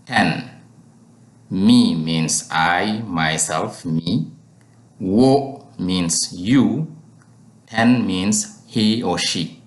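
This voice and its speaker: A man's voice: deep voice, drawn-out words, echoey room. A man teaching a language lesson, patiently repeating each word for learners to drill.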